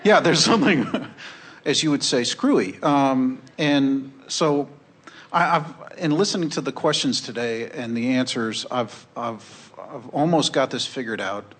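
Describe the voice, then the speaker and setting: Halting man asking a question. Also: medium pitch, fairly bright tone. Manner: halting, repeats words while searching for them. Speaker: audience member asking a question. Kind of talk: question from the floor.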